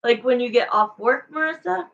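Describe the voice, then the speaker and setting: A woman's voice: fairly high pitch, expressive, normal speed, creaky, lo-fi sound. A woman tarot reader chatting casually and frankly with viewers on a livestream.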